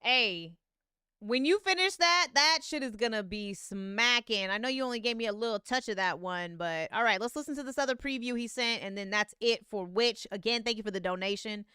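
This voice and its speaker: Excitable, foul-mouthed woman streamer, bright voice. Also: on the high side, a little fast, smooth, no room sound, studio quality. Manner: excitable, profane, laughs often. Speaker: host of a live music review stream. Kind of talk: casual live-stream commentary.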